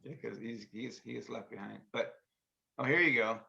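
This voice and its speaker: A man's voice: mid-range voice, normal speed, creaky, sharp tone, husky, highs cut off. A man co-hosting a casual chat over a video call. He reads out movie quotes and rambles, often trailing off mid-sentence. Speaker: co-host.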